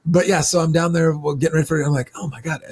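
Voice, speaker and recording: A man's voice: fairly high pitch, little pitch movement, very fast, a little mellow, slightly rough. A man guest on a podcast, joking and self-deprecating in casual chat.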